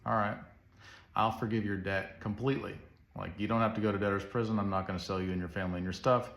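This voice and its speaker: A man's voice: fairly low pitch, fairly even intonation, fast, vocal fry, a bit bright. A man voicing a rich male ruler who speaks in a casual, shrugging way. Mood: breezy. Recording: echoey room.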